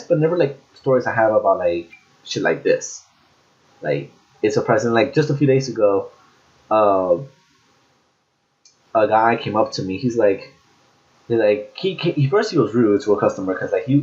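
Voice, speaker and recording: A man's voice: fairly low pitch, darkish tone. A young man vlogger casually telling rambling stories from his cashier job, full of restarts and fillers. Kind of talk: casual storytelling. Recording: dull lo-fi audio.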